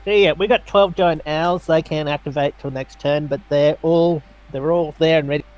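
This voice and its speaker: A man's voice: a little high, steady tone, moderate pace, darkish tone, low-quality recording. A man playing in a tabletop game, casually explaining his moves. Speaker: player. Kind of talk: casual tabletop gaming chat.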